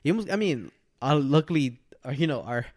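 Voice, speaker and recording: A young man talking casually on a podcast at an everyday middle pitch. He rambles through a long story in a loose, conversational way, slipping into quick impressions of the people in it. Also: expressive, a little mellow. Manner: rambling storyteller who acts out other people's lines. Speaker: podcast co-host.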